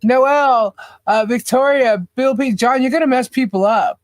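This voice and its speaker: A woman's voice: fairly high pitch, moderate pace, no echo. A woman co-hosting a casual livestream, chatting and greeting viewers by name with frequent laughs. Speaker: podcast co-host.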